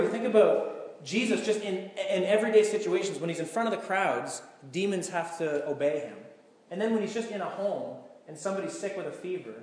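A man, a pastor giving a conversational, emphatic sermon in a large hall. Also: a little high. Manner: conversational, emphatic, animated storytelling. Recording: echoey hall sound.

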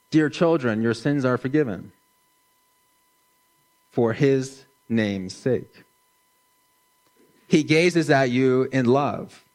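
A middle-aged man preaching a sermon in a slow, gentle, measured way, dropping his voice softly for emphasis. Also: medium pitch. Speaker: pastor.

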